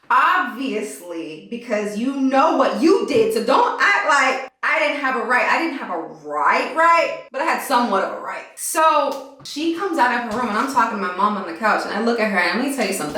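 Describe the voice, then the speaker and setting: A young woman vlogging at home, telling a story in a casual, animated, slangy way with self-mocking asides while getting ready. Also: mid-range voice, a little hiss or hum. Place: room at home. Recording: very echoey room, voice from a distance.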